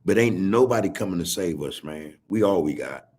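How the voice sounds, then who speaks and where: A man's voice: sits low, animated, a little fast, a little mellow, breathy edge. A man hosting a podcast on a video call, talking in a preachy, rambling, drawling way. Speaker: podcast host. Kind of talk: casual commentary.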